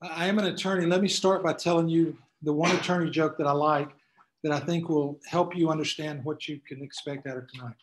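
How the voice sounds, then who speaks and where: A man's voice: fairly high pitch, fairly even intonation, fairly quick, slight background noise, low-quality recording. Conversational man lecturing a class. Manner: conversational, frequent restarts. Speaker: attorney giving a class talk. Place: room full of people.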